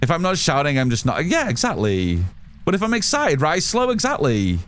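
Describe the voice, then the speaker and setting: Man, gaming streamer, loud and sweary, very lively pitch, faint hum behind. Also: normal speed. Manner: loud, excitable, swears a lot, reads chat aloud. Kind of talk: casual live-stream chat while gaming.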